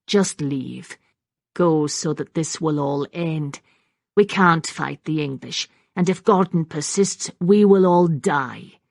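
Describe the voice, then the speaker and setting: A woman voicing a proud, bitter young Highland woman with a Scottish accent, cold and brittle in manner. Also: slow pace, vocal fry, a little mellow, no echo, clean studio sound, full character voice.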